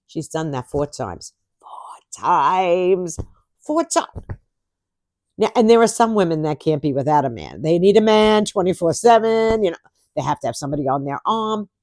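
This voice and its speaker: A woman's voice: deep voice, very animated, a little fast, darkish tone, dry recording, clean studio sound. A woman vlogger talking casually to camera, chatty and sarcastic, laughing often.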